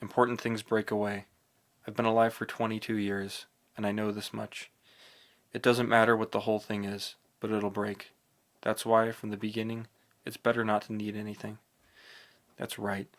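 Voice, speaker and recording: Flat, gravelly-voiced male audiobook narrator. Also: on the low side, normal speed. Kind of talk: first-person novel narration.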